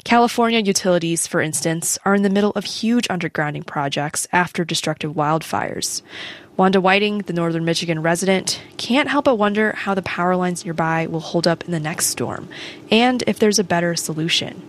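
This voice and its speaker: A woman reporting a public radio news story in a measured, clear voice. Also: fairly low pitch.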